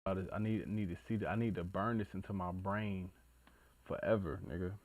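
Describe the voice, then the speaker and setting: Low-voiced male reaction host, casual and profane, excitable, talks to himself. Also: normal speed, no room sound. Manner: profane, excitable, stumbling over numbers and talking to himself.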